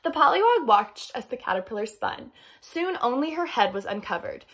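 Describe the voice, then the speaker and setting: An enthusiastic woman reading a picture book aloud to young listeners, expressive and teacher-like. Her fairly high voice rises and falls in lively storytime swoops as she pauses to ask questions. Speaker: read-aloud host.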